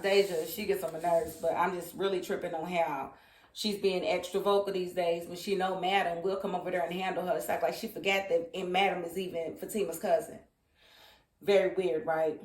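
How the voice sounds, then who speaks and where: Opinionated woman recapping a show, echoey. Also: fairly low pitch. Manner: animated, opinionated, quotes characters in funny voices. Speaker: TV show reviewer. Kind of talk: casual vlog recap. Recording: roomy echo.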